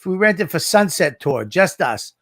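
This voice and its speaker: A man co-hosting a podcast, telling a profane, animated story in casual banter on a studio microphone. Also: high voice, unhurried, no echo. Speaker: podcast co-host.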